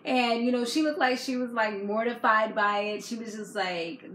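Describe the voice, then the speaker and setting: A woman's voice: a little high, normal speed, hardly any pauses, fairly bright tone. A woman vlogger recapping a reality TV episode in a chatty, slangy way, laughing often. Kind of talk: casual chat. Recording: echoey room with faint background noise.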